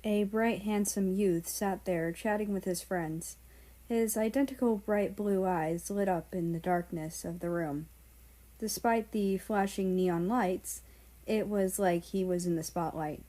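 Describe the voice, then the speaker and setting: A woman reading a fan fiction story aloud in a calm, measured way. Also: medium pitch. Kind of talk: audiobook narration.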